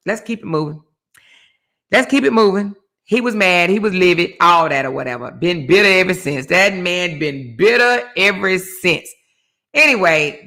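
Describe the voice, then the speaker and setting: High bright voiced guy spilling tea, sassy and dramatic, bit of gravel in it. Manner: sassy, theatrical, peppers talk with "honey" and "child". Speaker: gossip show host. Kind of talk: animated celebrity gossip chat.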